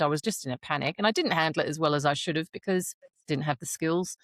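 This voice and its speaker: Frank, lively woman, low voice. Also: quick pace, no echo, studio quality. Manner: frank and animated, acts out her own inner dialogue. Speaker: podcast co-host. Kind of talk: casual chat.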